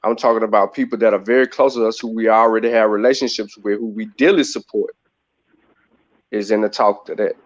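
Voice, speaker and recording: A man's voice: lowish voice, fairly even intonation, a little fast, lo-fi sound. A man hosting a casual livestream discussion, rambling with many restarts and filler phrases. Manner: rambling, many restarts and "you know what I mean". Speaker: host.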